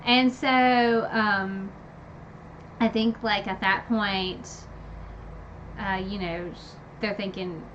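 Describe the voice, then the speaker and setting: A woman casually retelling a fantasy novel's ending, animated and gushing, with lots of fillers and sudden high squeals when excited. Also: slow, pauses often, highs cut off, slight background noise. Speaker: book review vlogger. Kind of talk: casual book recap.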